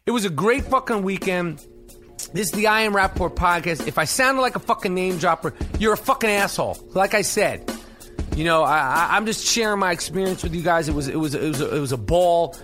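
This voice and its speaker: A man hosting a podcast, telling a rambling, profane, excited story full of restarts. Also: high-pitched, a little fast, soft background music. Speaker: podcast host. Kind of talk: casual storytelling monologue.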